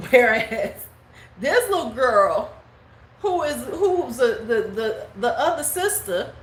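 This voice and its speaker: A woman in her forties chats on a live stream in a gossipy, animated way, her voice pitched a little high. She jumps into squeaky quoted voices now and then. The sound is roomy and echoey, with a faint noise behind her. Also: slow pace. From United States. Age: 40s. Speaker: beauty vlogger. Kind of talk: casual live-stream chat.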